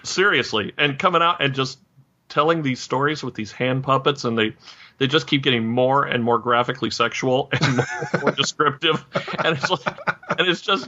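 Bright-voiced man in casual chat. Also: mid-range voice, normal speed, dull audio. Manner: animated, rambling with fillers and laughs. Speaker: podcast host.

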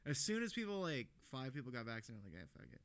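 Young male co-host, animated and profane, loose casual banter, dry sound. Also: medium pitch, quick pace, no room sound. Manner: swearing, laughing, rambling. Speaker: podcast co-host. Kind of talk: casual chat.

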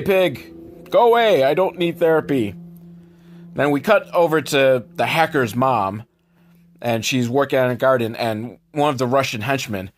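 Sarcastic man recapping a movie. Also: mid-range voice. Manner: sarcastic, profane, mock-voices characters. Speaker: podcast host recapping a film.

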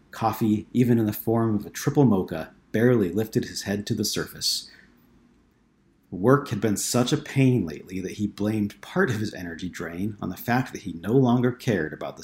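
A man narrating an audiobook in a steady, measured way. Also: on the low side.

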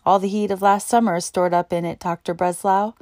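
A woman voicing a kind young woman who runs a kitchen, talking briskly and gently. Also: mid-range voice, fairly even intonation, no room sound, clean studio sound, close to an everyday voice.

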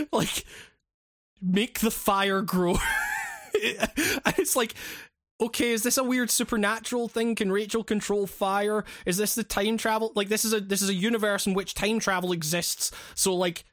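A man talks through a game's story in loose, rambling chat, peppered with swearing and restarts. His voice sits high for a man. The recording is close and dry, with no room sound. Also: fairly even intonation, normal speed, a bit bright, no echo. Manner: rambling, profane, with many fillers and restarts. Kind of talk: casual chat recapping a video game.

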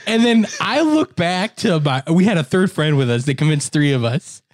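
A man's voice: on the high side, lively intonation, normal speed, no room sound, clean studio sound. A man telling a story in casual chat, acting out quotes and laughing often.

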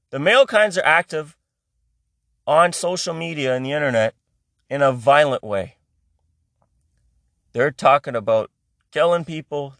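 A young adult man doing a rambling comic monologue, animated, swinging between loud outbursts and low mutters. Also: no echo, clean studio sound. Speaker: comedian.

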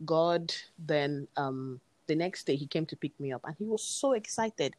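Earnest low-voiced woman. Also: normal speed, few pauses, dry recording. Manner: earnest, animated retelling with quoted dialogue. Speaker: guest telling her story. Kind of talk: personal storytelling.

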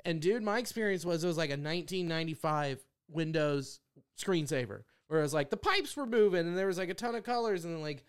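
A man with a high, smooth voice tells a story in casual podcast chat. He is a stand-up comedian, animated and profane. He acts out other people's lines as he goes. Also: fast talker.

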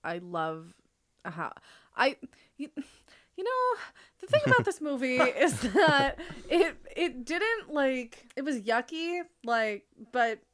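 A woman's voice: sits high, sing-song, slow, noisy background. A young woman co-hosting a podcast in casual chat, giggly and rambling, often restarting her sentences. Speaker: podcast co-host.

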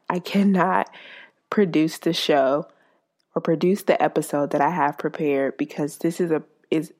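A woman's voice: low voice, vocal fry, a little mellow. A woman hosting her own podcast, speaking in an earnest, heartfelt monologue. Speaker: podcast host.

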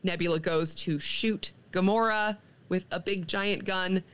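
A young woman co-hosting a podcast, recapping a comic in a casual, animated way, quoting the characters and laughing often. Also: on the low side, measured pace, clean tone, poor audio. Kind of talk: casual chat.

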